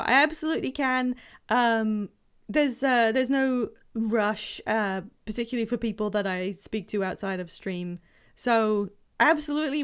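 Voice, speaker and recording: A woman's voice: a little high, smooth. A young woman streaming a game live, chatting casually and playfully with viewers, rambling with fillers and laughing often. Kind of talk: casual live-stream chat while gaming.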